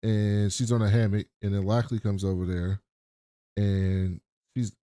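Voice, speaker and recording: A man's voice: lowish voice, level tone, measured pace, mellow, no echo, studio quality. A man co-hosting a podcast, casually and profanely retelling scenes from a TV episode. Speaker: podcast co-host. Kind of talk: casual TV recap chat.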